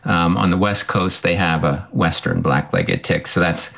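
Halting low-voiced professor with gravelly tone. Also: male voice, steady tone, fairly bright tone. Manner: hesitant, halting with many ums and restarts. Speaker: professor and tick researcher. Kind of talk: radio interview guest.

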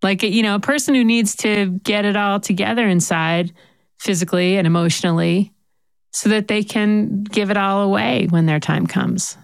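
A woman's voice: mid-range voice, normal speed, vocal fry, no room sound, clean studio sound. A woman interviewing a guest, thoughtful and empathetic as she reflects on what the guest shares. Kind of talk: conversational interview.

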